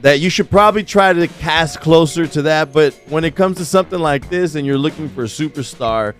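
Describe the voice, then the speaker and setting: A man's voice: on the high side, brisk, fairly bright tone, soft background music. A young man co-hosting a casual podcast, laid-back, saying "bro" and "you know" often. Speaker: podcast co-host.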